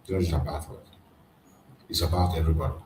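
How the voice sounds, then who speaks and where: A man's voice: a bass voice, fairly even intonation, quick pace. A man giving impassioned political commentary, rallying his listeners with emphatic repetition. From Nigeria. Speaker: activist commentator. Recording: echoey room with faint noise.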